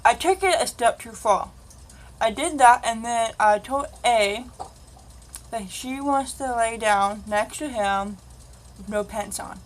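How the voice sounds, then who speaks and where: A woman's voice: fairly high pitch, slow pace, a little hiss or hum, poor audio. A woman vlogger telling a rambling, casual confessional story and acting out the dialogue. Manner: rambling, acts out quoted dialogue.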